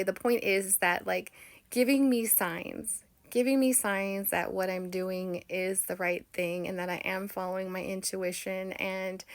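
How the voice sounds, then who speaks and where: A woman vlogger telling a personal spiritual story in a chatty, earnest and heartfelt way. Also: fairly low pitch.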